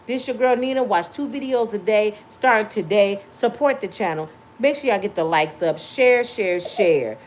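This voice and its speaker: A woman in her fifties hosting her own vlog, talking straight to her viewers in a passionate, preachy way and sometimes yelling. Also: medium pitch, animated, moderate pace, few pauses, a little hiss or hum. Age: 50s. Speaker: vlog host. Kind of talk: casual talk to viewers.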